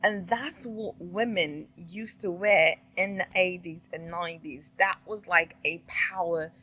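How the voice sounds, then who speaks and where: A middle-aged woman talks through a reaction clip in a slow, deliberate way. Her voice sits a little low. She is opinionated and fond of rhetorical questions. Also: sharp tone, rough recording. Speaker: commentary vlogger. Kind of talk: casual reaction commentary.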